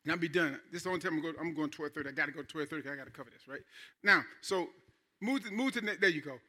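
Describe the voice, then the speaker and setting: Pastor, male, high and ringing voice, chatty sermon that builds to loud emphasis. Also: racing. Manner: conversational preaching, rising to emphatic.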